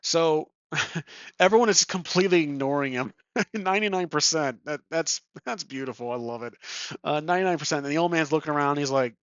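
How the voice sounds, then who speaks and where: A man's voice: on the high side, fairly bright tone, dry recording, dull audio. Rambling man narrating a solo game. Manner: rambling, chuckling, self-correcting. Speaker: solo tabletop game player. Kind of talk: thinking aloud while playing a solo game. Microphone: desk microphone.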